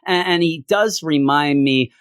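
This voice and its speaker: A man's voice: a little high, measured pace, clean tone, no echo. Jokey man reviewing comics, dry sound. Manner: jokey, animated, acts out quotes from the story. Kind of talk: casual video review.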